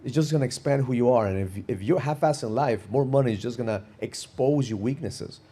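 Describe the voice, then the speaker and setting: A man's voice: medium pitch, fairly quick, warm tone, husky. A man hosting a podcast, talking energetically and emphatically, often repeating words. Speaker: podcast host. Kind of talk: conversational interview.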